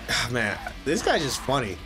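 A young man hosting an anime reaction video, swearing and yelling at the screen as he watches. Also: mid-range voice. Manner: excitable, yells and swears at the screen. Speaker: anime reaction channel host. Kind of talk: reacting live to an anime episode.

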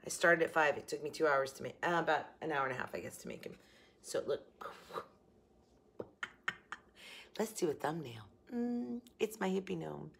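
A middle-aged woman hosting a craft vlog from her kitchen, rambling and animated, correcting herself as she talks. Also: sits low, brisk, gravelly, long pauses. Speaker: crafting channel host. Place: home kitchen.

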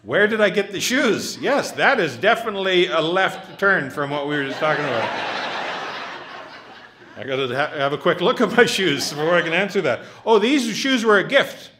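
Man in his fifties, stand-up comic, bright tone, faint crowd ambience, loose joking banter. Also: a little high, animated, moderate pace, a little hiss or hum. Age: 50s. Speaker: stand-up comedian hosting audience Q&A. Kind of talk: live stage Q&A with crowd. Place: live theatre stage.

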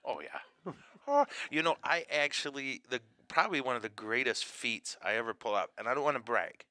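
A man, a priest hosting a show, chatting casually in a self-mocking, animated way with loud bursts of laughter. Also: medium pitch, moderate pace, no room sound. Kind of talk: casual comedic chat.

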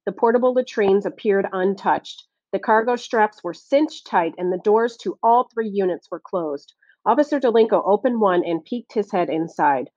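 A woman reading a novel aloud as audiobook narration, steady and clear. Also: medium pitch, moderate pace, no room sound, muffled recording. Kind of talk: scripted narration.

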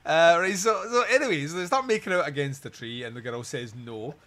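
Man, podcast host, bright tone, joking, laughing, casual movie recap. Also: a little high, brisk. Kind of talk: casual movie review chat.

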